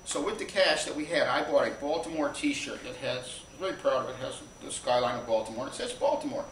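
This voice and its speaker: A man's voice: mid-range voice, animated, a little hiss or hum. Rambling male storyteller in an echoey room. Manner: rambling, anecdotal, halting with restarts. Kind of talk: live stage storytelling. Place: small theater stage. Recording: echoey live room from far off.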